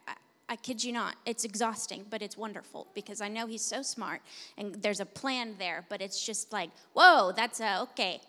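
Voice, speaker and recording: A woman pastor preaching a sermon, moving between hushed, intimate passages and loud, forceful declarations. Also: medium pitch. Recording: long hall reverb.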